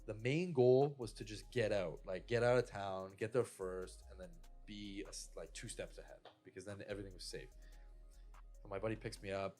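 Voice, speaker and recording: Low-voiced Canadian guy telling a story. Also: moderate pace, darkish tone, faint music behind. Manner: rambling, profane, lots of "like" and "I'm like". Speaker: podcast co-host. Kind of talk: casual storytelling among friends.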